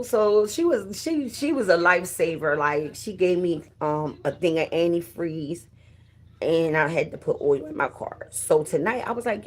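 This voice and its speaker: A woman's voice: low-pitched, moderate pace, husky. A middle-aged woman chatting casually and profanely on her livestream, greeting viewers by name and telling a story. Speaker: livestream host.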